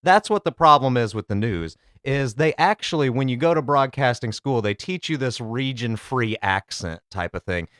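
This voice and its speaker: A male host riffs casually and crudely on news bloopers. His voice is smooth and crisp, recorded close and dry, and he rambles with loose, laid-back asides. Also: mid-range voice, expressive, moderate pace, hardly any pauses, fairly bright tone, dry recording. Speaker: comedic video commentator. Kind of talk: casual profane comedy commentary.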